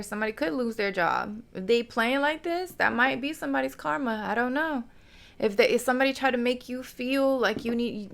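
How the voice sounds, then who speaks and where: A woman's voice: a little high, gravelly, a bit bright. A woman giving a casual tarot reading to her viewers. She is chatty, laughs often, gets emotional and calls her viewers y'all. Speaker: tarot reader.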